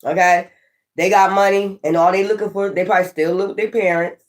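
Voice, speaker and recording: A tarot reader giving a casual reading who laughs often, swears freely and acts out imagined people in quick asides. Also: medium pitch, steady tone.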